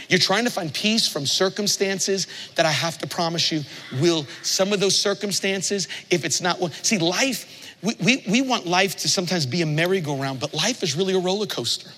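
A middle-aged man preaches in a large church with a high voice, telling stories with animated, playful imitations. His tone is bright and forward. The sound rings out with the long reverb of the hall. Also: a little hiss or hum. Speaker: pastor. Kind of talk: sermon.

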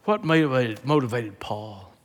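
A man preaching a sermon on a church stage, dropping to hushed asides and then building to shouted, emphatic climaxes. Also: medium pitch, expressive, moderate pace, big-room sound. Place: large church auditorium with stage.

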